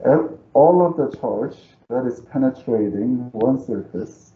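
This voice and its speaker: An animated math teacher with a mid-range voice and non-native English accent gives a live calculus lecture at a measured pace, thinking aloud and coaxing agreement from students. Faint music sits behind him in the roomy, dull lo-fi recording.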